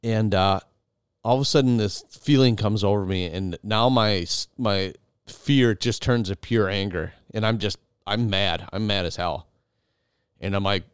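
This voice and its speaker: A man's voice: fairly low pitch, unhurried, clear, resonant tone, no echo, studio quality. A man hosting, animatedly retelling a dramatic story to his wife with many restarts. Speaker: podcast host.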